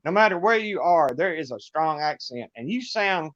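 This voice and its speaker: Folksy southern man, high voice. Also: lively intonation, moderate pace, a bit bright, no room sound, lo-fi sound. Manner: folksy, rambling storyteller who laughs often. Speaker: guest musician. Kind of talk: casual livestream chat.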